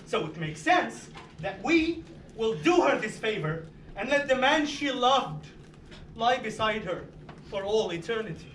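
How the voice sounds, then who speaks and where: A man's voice: sits high, sing-song, a little slow, fairly bright tone, a little hiss or hum, exaggerated voice. An actor playing a grieving young man who pleads with his family, in a live stage play recorded from a distant microphone in a roomy space. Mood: pleading. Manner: earnest, pleading stage delivery.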